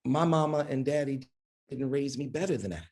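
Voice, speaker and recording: Gravelly man telling a lively story. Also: mid-range voice, normal speed. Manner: acts out quoted voices, lively and emphatic. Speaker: guest, media executive. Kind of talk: animated storytelling in a live conversation. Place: event hall on stage.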